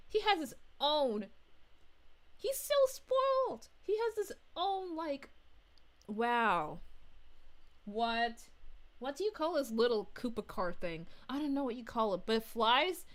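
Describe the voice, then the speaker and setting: A bubbly young princess, played by a woman, chats with her stream, giggling and gushing as she reads out messages. Her voice sits high and swoops up and down. She takes her time between lines. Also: big pitch swings, slow, pauses often, heavily acted. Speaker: VTuber streamer. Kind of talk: livestream chat reading.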